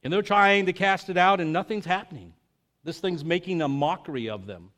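A man's voice: high voice, a little fast. A man preaching a conversational sermon, telling stories with energy and asking the congregation questions. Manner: animated storytelling, acts out quotes. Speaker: pastor.

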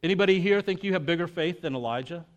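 Talking quickly in a high voice, this pastor keeps his sermon conversational, animating his stories by acting out quotes and putting questions to the congregation.

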